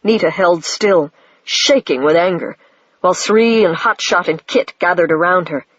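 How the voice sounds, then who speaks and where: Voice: medium pitch, a bit bright, husky, dry recording. Reader with a dull, dry recording. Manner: measured, plain storytelling. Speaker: audiobook reader. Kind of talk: scripted narration.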